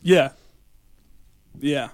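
A man's voice: mid-range voice, drawn-out words, no echo. A man co-hosting a casual podcast, reading through a list with lots of laughing and stumbling over names. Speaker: podcast co-host presenting the year.

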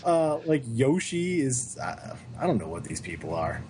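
Lively joking man ranting on a podcast. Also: medium pitch, moderate pace, a little hiss or hum. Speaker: podcast co-host. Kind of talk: casual sports podcast chat.

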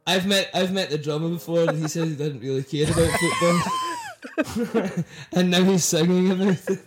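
A Scottish man in casual podcast talk, his voice sitting a little high. He is chatty and laughs easily, keeping the conversation light. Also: huge pitch swings, moderate pace, noisy background. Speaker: podcast co-host. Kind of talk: casual chat.

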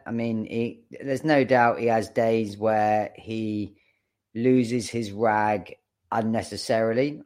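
A man's voice: fairly low pitch, a little mellow. A man co-hosting a casual sports podcast, forthright and sweary, arguing his point. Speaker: podcast co-host.

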